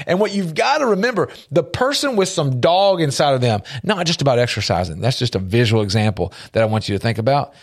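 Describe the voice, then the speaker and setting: A man's voice: mid-range voice, very animated, fast, few pauses. A man hosting a faith-based motivational radio talk from a studio, earnest and emphatic, repeating key phrases for effect. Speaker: radio host. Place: radio studio with a large window.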